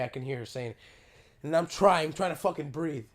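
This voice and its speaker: A man on a podcast tells a story in a loose, animated way, swearing as he goes. His throat is sore, and his voice sits a little high for a man. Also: normal speed. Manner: animated storyteller, swears freely, laughs through the telling. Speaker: podcast host. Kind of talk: casual chat.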